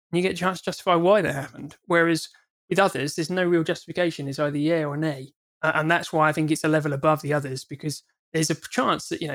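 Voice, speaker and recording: Male podcast guest, ex-auditor, earnest, rapid delivery with restarts. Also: on the high side, fairly bright tone. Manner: earnest, repeats words when starting sentences. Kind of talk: casual podcast discussion.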